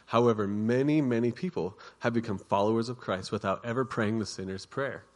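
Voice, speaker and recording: A man's voice: fairly low pitch, brisk. A man giving a conversational sermon, chatty and informal, with frequent restarts and asides.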